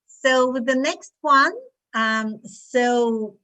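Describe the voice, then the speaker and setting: Slow, demonstrative woman teaching phonics. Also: on the high side, pushed and bright, poor audio. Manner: slow, demonstrative, acts out sounds. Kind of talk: online teaching webinar. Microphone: video call.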